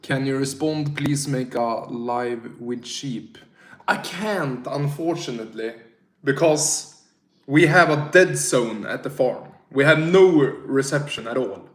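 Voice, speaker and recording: A man's voice: mid-range voice, a bit bright, roomy sound. A tipsy man from Sweden with a Swedish accent, chatting casually on a livestream and reading out chat in a rambling, slangy, self-mocking way.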